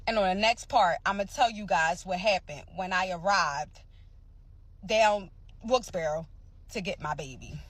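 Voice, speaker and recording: A woman from Pennsylvania telling her own story in a casual vlog, emphatic and animated, repeating phrases and acting out sounds. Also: lowish voice, a little slow. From Pennsylvania, USA.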